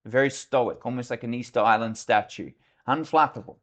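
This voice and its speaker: A man's voice: medium pitch, fairly quick, a bit bright. A middle-aged Australian man, a leadership consultant, telling candid, reflective stories as a podcast guest. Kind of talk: podcast interview storytelling.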